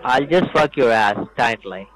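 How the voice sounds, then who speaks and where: A man's voice: medium pitch, expressive, measured pace, fairly bright tone. A man in his forties on a phone call, insistently repeating instructions and turning rude. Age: 40s. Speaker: scam caller.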